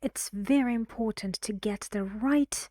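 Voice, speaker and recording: A woman teaching English pronunciation in a recorded lesson, speaking carefully and often dropping to a soft whisper. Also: medium pitch, unhurried, dry recording.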